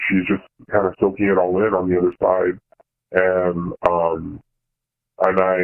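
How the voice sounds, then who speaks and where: Low, flat-voiced young man on a phone line. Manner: halting, hesitant, many fillers and restarts. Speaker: caller. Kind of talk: personal confession on a call-in show.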